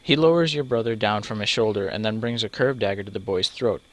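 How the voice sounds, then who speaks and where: A man's voice: on the low side, steady tone, a little fast. A man reading a text adventure game aloud, stumbling over names and breaking off for joking asides. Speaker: let's player.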